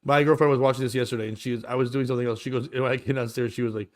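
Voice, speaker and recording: A man's voice: medium pitch, steady tone, rapid-fire. Male podcast host, 30s, casual and rambling, crude humor. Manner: rambling, jokey, swearing, often laughing. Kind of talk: casual comedy chat.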